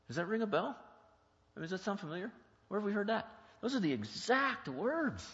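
A man's voice: high-pitched, lively intonation, brisk. Man preaching in an echoing church. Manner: asks the congregation many questions, talks in a plain, chatty way. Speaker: pastor. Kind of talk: conversational teaching sermon. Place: church sanctuary. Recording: long hall reverb, dull lo-fi sound.

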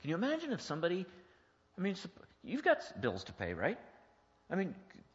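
In a church sanctuary, a male pastor delivers a conversational teaching sermon, asking the congregation lots of questions in a plain, chatty way. His voice is high and fairly quick, with pitch that swoops wildly. The recording is dull and lo-fi, with a long hall reverb.

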